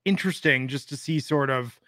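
A man's voice: mid-range voice, fairly quick, sharp tone, dry recording, studio quality. A man in his thirties co-hosting a casual podcast, rambling and thinking aloud with fillers. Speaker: podcast co-host. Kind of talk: casual wrestling podcast chat.

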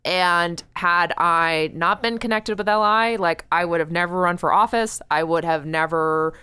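Young woman telling a lively story, bright voice. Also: fairly low pitch, a little slow, clear, resonant tone. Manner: animated storyteller, laughs often, says "like" a lot. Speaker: podcast guest. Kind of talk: casual interview chat.

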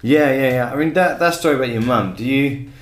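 A man's voice: medium pitch, fairly quick. A man hosting a podcast, asking loose, trailing questions in a casual chat. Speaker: podcast host. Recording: echoey room.

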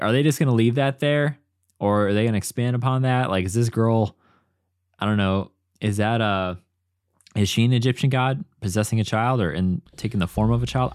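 A man in casual chat as a podcast co-host, animated and acting out lines he quotes. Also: fairly low pitch, dry recording, studio quality.

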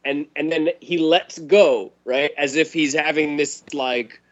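A man in casual podcast chat, telling a story in a lively, profane way and laughing often. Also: a little high, measured pace. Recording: dull lo-fi recording.

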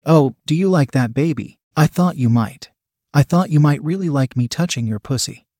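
A man's voice: fairly high pitch, expressive, moderate pace, a little mellow, no echo, studio quality. A man voicing a dominant, teasing woman who coaxes and gives stern commands. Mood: coaxing. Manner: coaxing, then stern and commanding.

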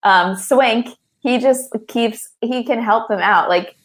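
A woman's voice: fairly high pitch, takes it slowly, a bit bright. A young woman co-hosting a podcast who chats and giggles her way through a movie recap, with many fillers. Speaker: podcast co-host. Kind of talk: casual movie recap chat.

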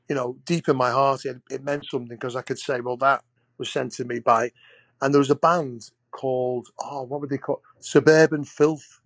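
A man spins loose, rambling anecdotes as a podcast guest. He restarts his sentences often and talks at an ordinary middle pitch. His voice sits close to the mic in a dry space with no room echo. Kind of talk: casual storytelling.

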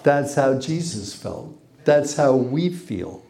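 A man's voice: mid-range voice, expressive, takes it slowly, dark tone. A man preaching a sermon, who reads scripture aloud, repeats phrases for emphasis and asks the congregation questions.

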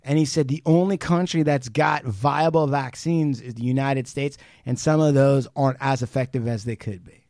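A man co-hosting a podcast, retelling a conversation in casual, animated chat, swearing freely and restarting sentences. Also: medium pitch, normal speed, no echo, clean studio sound. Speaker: podcast co-host.

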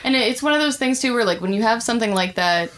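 A woman hosting a casual interview, supportive and quick to laugh. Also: fairly high pitch, expressive, fairly bright tone, a little hiss or hum. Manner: supportive, laughs often, affirming. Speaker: podcast host.

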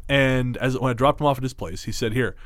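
A man co-hosting a podcast, chatting casually and telling stories in an animated way with quick restarts. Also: medium pitch, no room sound. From Canada. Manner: fast, animated storyteller with frequent restarts. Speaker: podcast co-host. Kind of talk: casual chat.

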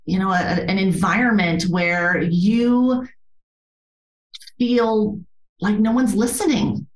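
A woman speaking as a guest in a relaxed interview. She is a yoga therapist telling a personal story, earnest and expressive, with a middle-pitched voice. The room around her is echoey. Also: takes it slowly. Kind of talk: conversational interview.

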